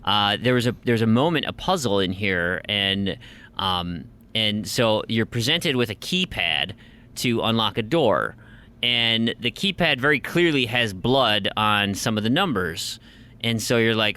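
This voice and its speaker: A man co-hosts a casual gaming podcast, and his pitch swings all over as he tells a story. His tone is bright and forward. He acts out the lines he quotes. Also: animated, moderate pace. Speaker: podcast co-host. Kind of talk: casual chat.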